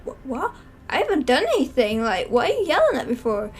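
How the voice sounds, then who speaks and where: A woman's voice: high-pitched, huge pitch swings, normal speed, soft background music. Woman voicing a pleading young woman. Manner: pleading, defensive, loud. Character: frightened young woman begging for shelter.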